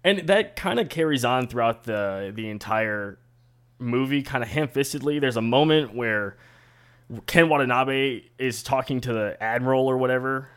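A man guest on a podcast, explaining at length in a steady, wry, casual way. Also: medium pitch, normal speed, clean tone.

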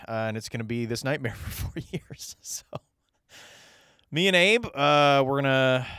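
A man's voice: medium pitch, fairly bright tone, clear, resonant tone, dry recording, clean studio sound. A man hosting a comedy podcast, rambling and joking with many hesitant fillers. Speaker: podcast host. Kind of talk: casual comedy podcast banter.

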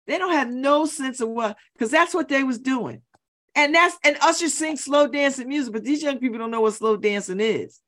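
A woman's voice: fairly high pitch, fairly bright tone. Woman, radio host, middle-aged, emphatic monologue, repeats key phrases. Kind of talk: opinionated talk radio monologue. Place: radio studio.

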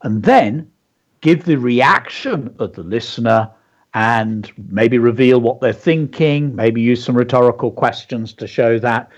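On a radio show he co-hosts, a man with a medium-pitched voice and measured pace teaches kids creative writing. He goes through a sample story one step at a time, reading its lines aloud, heard through dull, lo-fi broadcast audio.

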